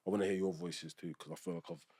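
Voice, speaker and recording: A man's voice: sits low, steady tone, racing, vocal fry, dark tone, husky. A young man, a podcast guest talking candidly about family in a rambling, self-interrupting way, laughing often.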